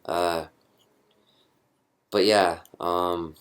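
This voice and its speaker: A man's voice: low voice, fairly even intonation, drawn-out words, a bit bright. A young man giving a rambling, chatty show-and-tell walkthrough of something he built, often correcting himself mid-sentence. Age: young adult. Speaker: hobbyist prop builder.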